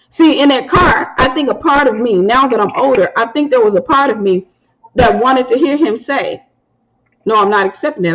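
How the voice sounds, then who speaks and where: A woman in her thirties hosts and gives advice in a preaching style, telling animated stories and acting out the voices of the people she quotes. Her voice is slightly high, and the audio quality is poor.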